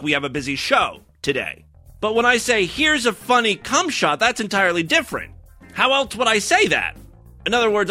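A man hosts a podcast in a casual comedic style, full of sarcastic, crude asides. His voice is high and very bright, swinging widely in pitch. Faint music plays behind him. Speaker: podcast host. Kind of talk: casual comedic commentary on clips.

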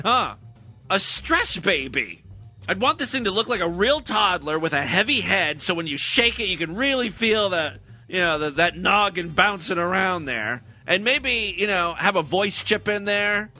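A man's voice: high voice, very animated, normal speed, sharp tone, faint music behind. A man hosting a comedic talk show, giving crude, sarcastic running commentary over clips. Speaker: podcast host.

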